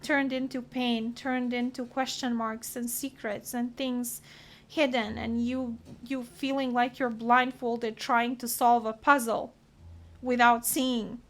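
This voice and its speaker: Lady doing a tarot reading, kinda high voice, heartfelt and earnest. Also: flat delivery, slow, a little hiss or hum. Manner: earnest, emotional, talks through card meanings. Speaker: tarot reader. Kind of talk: solo tarot reading to camera.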